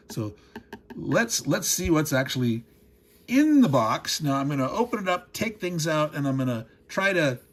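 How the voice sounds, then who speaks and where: A man's voice: on the high side, husky. A man hosting a board game unboxing, talking casually, wandering off into digressions and chuckling as he goes. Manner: rambling, digressive, chuckles often.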